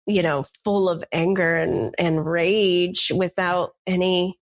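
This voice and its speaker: A woman's voice: on the low side, fairly even intonation, slow, dull audio. A woman co-hosting a podcast, telling a personal story with intensity, drawing out words for emphasis. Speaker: podcast co-host. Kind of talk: casual chat.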